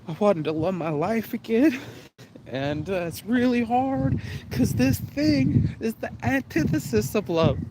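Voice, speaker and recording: A man's voice: high voice, animated, measured pace. A man in an emotional vlog, talking raw and rambling through tears and laughs while out in the rain on a street. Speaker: vlogger. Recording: noisy outdoor street recording. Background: street noise and passing vehicles.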